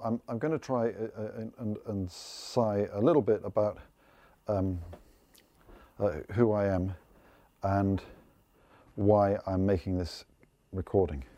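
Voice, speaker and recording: A man in his fifties, a playwright, giving personal testimony in halting speech, stumbling and searching for his words. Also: lowish voice, fairly even intonation, warm tone, no room sound. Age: 50s.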